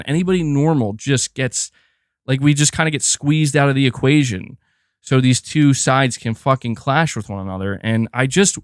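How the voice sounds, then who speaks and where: A man's voice: medium pitch, dry recording, clean studio sound. Ranting man hosting a gaming stream. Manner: animated rant, heavy filler words, swears freely. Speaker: gaming podcast host. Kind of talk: casual livestream commentary.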